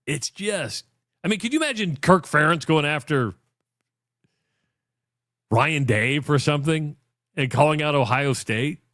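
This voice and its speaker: A man's voice: fairly high pitch, animated, unhurried, pauses often, fairly bright tone, no echo, clean studio sound. Fired-up opinionated sports radio host, man. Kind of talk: sports talk radio commentary.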